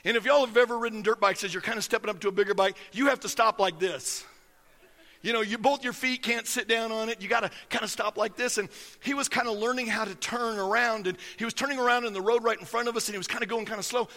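High, bright-voiced pastor preaching. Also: male voice, steady tone, fast, big-room sound. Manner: folksy, storytelling, emphatic preaching. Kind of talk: sermon.

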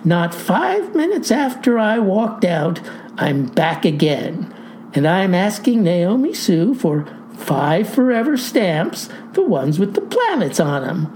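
A woman tells a comic tall tale at an unhurried pace, her tone wry as she speaks to her listeners. Her voice is mellow and her pitch moves around lively. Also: a little hiss or hum. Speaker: storyteller.

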